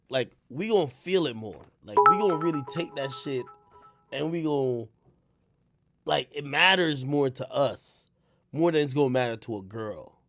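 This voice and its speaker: A young man in casual reaction commentary, telling stories with lots of fillers and sudden bursts of shouting. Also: fairly high pitch, dry recording. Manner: animated storytelling with frequent fillers, bursts of shouting. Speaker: streamer commentator.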